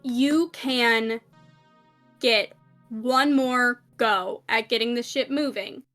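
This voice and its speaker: Slow, bright-voiced woman game master. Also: fairly high pitch, soft background music. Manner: unhurried, hesitant with fillers. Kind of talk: narrating a tabletop game.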